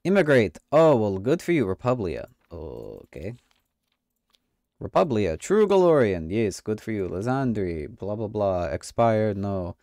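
A man's voice: fairly low pitch, very animated, measured pace, warm tone, dry recording, studio quality. A man streaming a game, joking in a mock-official inspector voice with a put-on accent and swearing. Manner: puts on a mock foreign accent. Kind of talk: comedic let's play commentary.

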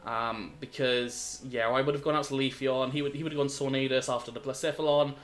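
A man's voice: medium pitch, fairly even intonation, fairly quick. A man commentating his own competitive game battle, thinking aloud and turning exasperated and self-critical at his mistakes. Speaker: gaming video host.

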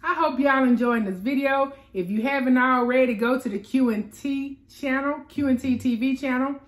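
A woman hosting an eating show from a home man cave, chatting in a relaxed way and talking straight to her viewers. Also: sits high, normal speed. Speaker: mukbang host. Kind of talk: casual eating-show chat.

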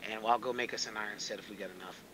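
A man streaming a game, chatting casually and spinning animated stories with swearing and laughter. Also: on the low side, racing, crowd noise. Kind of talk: casual gaming chat. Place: home.

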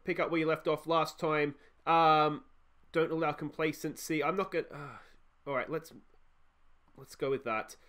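A man with an Australian accent, hosting a football management game let's play, cheering and groaning along with the match and breaking into excited shouts. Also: a little high, normal speed. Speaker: gaming video host.

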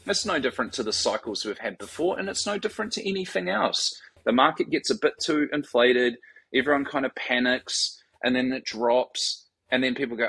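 A man's voice: mid-range voice, normal speed, vocal fry, fairly bright tone, husky, low-quality recording. A man, telling stories as a guest in a casual interview, swearing freely and acting out the voices of the people he quotes. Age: 40s. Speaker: guest, startup founder.

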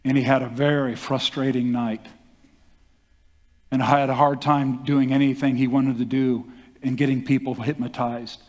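An older man, a pastor, telling a story in a sermon with animated delivery and acted-out quotes. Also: mid-range voice, normal speed. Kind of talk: sermon testimony. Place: church hall. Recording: long hall reverb.

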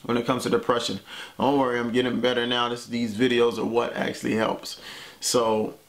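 A young man with a mid-range voice and a gravelly rasp, recounting a personal story straight to the camera. He talks loosely and conversationally, filling his lines with "man" and "you know what I'm saying.". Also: mid-range voice, level tone, normal speed. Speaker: vlogger.

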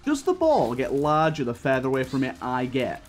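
A man's voice: medium pitch, huge pitch swings, normal speed, soft background music. A man giving casual, rambling gameplay commentary as a YouTuber, laughing often and restarting his sentences, with hiccups. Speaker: gaming YouTuber.

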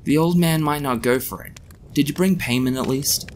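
A man's voice: a little high, moderate pace, slight background noise, voice pushed up, natural voice. Man doing a weary, unimpressed young shop clerk. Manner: sighing, dry.

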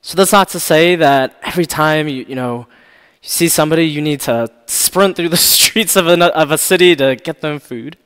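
A man's voice: on the high side, moderate pace, a bit bright, clean tone. A man preaching a sermon, telling a personal story in a candid, self-deprecating way with frequent laughs. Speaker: pastor. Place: church sanctuary. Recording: long reverb of a church hall.

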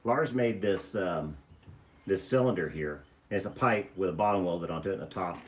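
A middle-aged man with a fairly low voice talks through a casual live stream. He is blunt and joking, swearing freely as he shows his boatbuilding work. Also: moderate pace.

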